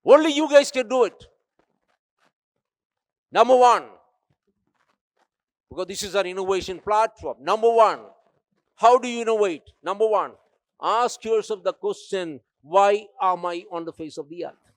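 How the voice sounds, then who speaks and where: A man's voice: high voice, measured pace, long pauses, no echo. An older man from India with an Indian accent, giving an emphatic, exhorting motivational keynote speech that addresses the crowd directly. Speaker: keynote speaker.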